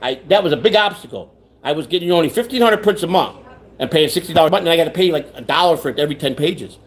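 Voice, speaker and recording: A man's voice: fairly high pitch, expressive, rapid-fire. A man hosting a rambling livestream chat, repeating himself, restarting sentences and reading viewer comments aloud. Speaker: livestream host.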